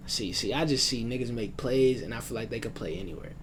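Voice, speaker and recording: A young American man at home rambles through his sports predictions as a casual vlogger, loose and slangy and aware that he's rambling. His mid-range voice moves quickly, with a little hiss or hum in the background.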